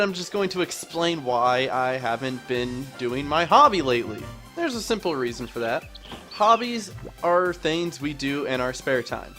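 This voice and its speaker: A man's voice: mid-range voice, fairly bright tone. A young man recording chatty Let's Play commentary as a gaming YouTuber, rambling and self-mocking as he jokes with his viewers.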